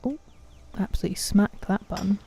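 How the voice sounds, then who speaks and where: A young woman giving casual commentary while streaming a game, chatting with her viewers and reacting loudly. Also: mid-range voice, a little fast, gravelly, slight background noise.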